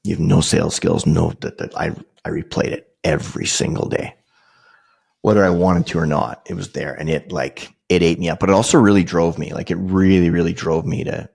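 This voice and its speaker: Low gravelly husky man telling a story. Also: fairly quick, a little mellow. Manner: conversational, swearing, many fillers and restarts. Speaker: podcast host. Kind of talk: casual storytelling.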